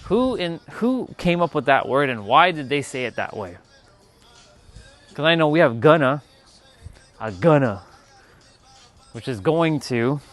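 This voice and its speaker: A man's voice: fairly high pitch, big pitch swings, measured pace, pauses often, soft background music. A man hosting a livestream, chatting casually and playfully repeating a word he finds funny. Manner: playful, repeats words and laughs at them. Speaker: livestream host.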